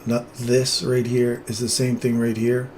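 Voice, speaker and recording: Man, live trading host, relaxed and jokey, mid-pitched voice, faint background noise. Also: measured pace. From England.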